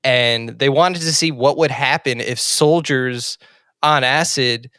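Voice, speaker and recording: A man's voice: medium pitch, slow pace, pushed and bright, smooth, no room sound, clean studio sound. A man co-hosting a podcast in casual chat, rambling along with lots of filler words. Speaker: podcast co-host.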